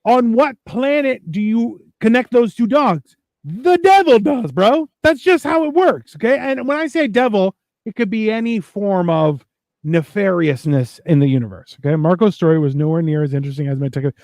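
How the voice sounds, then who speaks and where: A man's voice: sits high, normal speed, no room sound. A man co-hosting a podcast in casual chat, telling crude, rambling stories with lots of energy. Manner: crude, rambling, animated storytelling. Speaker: podcast co-host.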